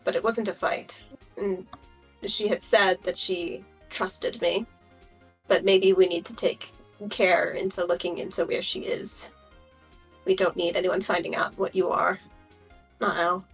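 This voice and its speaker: A woman voicing a guarded woman guard who gives a hushed, serious warning to an ally, in whispered role-play for a tabletop game. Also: lowish voice, flat delivery, unhurried, pauses often, breathy edge, soft background music, voice pushed down, exaggerated voice, poor audio. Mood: urgent hushed.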